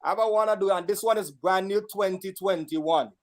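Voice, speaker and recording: High-voiced Vincentian man, playful. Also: a little fast. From St Vincent and the Grenadines. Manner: playful, bawdy, shouting out lines. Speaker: calypsonian and parang singer, guest. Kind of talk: singing and chatting about his songs.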